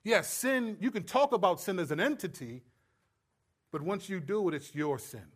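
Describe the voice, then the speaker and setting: High-voiced man preaching animatedly. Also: normal speed. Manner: animated, acts out quoted voices with humor. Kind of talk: sermon.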